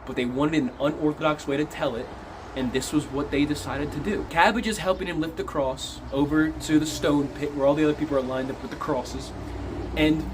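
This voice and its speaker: A man giving a casual, animated film review, swearing freely as he retells scenes. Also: fairly high pitch, noisy background. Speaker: movie reviewer.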